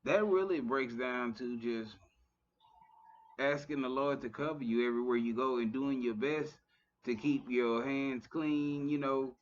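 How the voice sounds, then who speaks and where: A man's voice: medium pitch, unhurried. Man in his 30s, podcast host, casual and rambling, dull lo-fi sound. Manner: loose, conversational, with many filler phrases. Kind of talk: casual chat. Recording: dull lo-fi audio.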